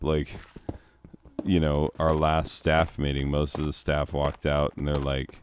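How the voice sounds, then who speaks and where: A man's voice: a bass voice, little pitch movement, unhurried, slight background noise. A man, a teacher, chatting casually and rambling sarcastically while he plays a game, chuckling now and then.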